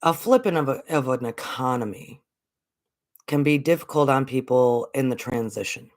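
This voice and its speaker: A woman's voice: extremely low pitch, animated, normal speed. An American woman hosting a spiritual channel, talking in a casual, earnest way and repeating her points for emphasis. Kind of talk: casual spiritual vlog talk.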